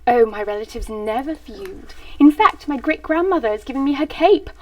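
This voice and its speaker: A woman's voice: fairly high pitch, lively intonation, moderate pace, lightly acted. A woman playing an over-eager young bride showing off her wedding plans, heard from a clip played back from a distance. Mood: gushing.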